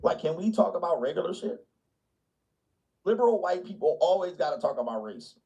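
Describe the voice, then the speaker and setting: A man's voice: fairly high pitch, sing-song, a little fast, mellow, low-quality recording. A man ranting in a blunt, mocking way in casual chat, laughing often and sliding into put-on voices. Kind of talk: casual comedic rant. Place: small town, gated suburban home.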